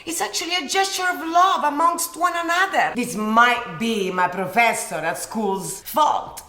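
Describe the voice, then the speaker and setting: A woman with an Italian accent hosting a cooking show, talking to camera in a loud, passionate, exclamatory way and laughing often. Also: fairly high pitch, unhurried, echoey room. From Rome, Italy. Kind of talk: energetic talk to camera.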